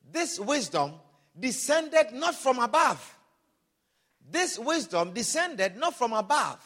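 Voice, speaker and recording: A man preaching a sermon, emphatic and repetitive, calling out hallelujah and rising to loud, animated passages. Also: very high-pitched.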